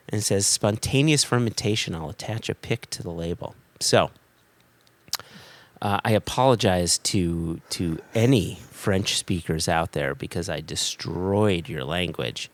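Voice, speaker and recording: Laughing low-voiced male podcast host. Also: animated, measured pace, no room sound. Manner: reads listener emails aloud, laughs often, trails off mid-sentence. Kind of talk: casual podcast chat.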